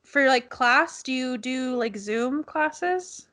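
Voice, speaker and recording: Giggly young woman, a bit high. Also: slow pace, sharp tone. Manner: teasing and laughing often. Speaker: co-host. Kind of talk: casual podcast chat.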